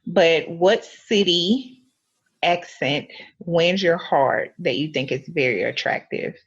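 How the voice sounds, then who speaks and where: Husky low woman on a dull lo-fi line. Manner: laughing, playful, quick asides. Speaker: podcast co-host. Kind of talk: casual chat.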